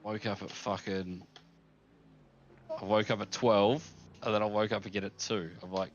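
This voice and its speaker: Profane man, low voice. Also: normal speed, pauses often, muffled recording, slight background noise. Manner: animated, profane storyteller. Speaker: sim racing streamer. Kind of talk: casual chat.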